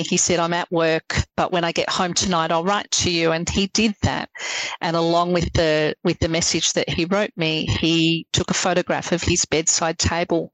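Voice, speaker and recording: A middle-aged woman recounts her past in an earnest, heartfelt way. Her voice sits low for a woman. The sound is close and dry, with no room around it. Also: dry recording, rough recording. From Australia. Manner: earnest, emotional, laughs through her story. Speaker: interview guest, retired policewoman. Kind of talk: personal storytelling in a podcast interview.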